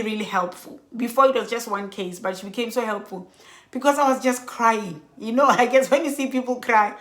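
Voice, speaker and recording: A woman telling an emotional storytime vlog, sounding worn out and animated by turns. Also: fairly high pitch. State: exhausted. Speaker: vlogger. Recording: echoey room.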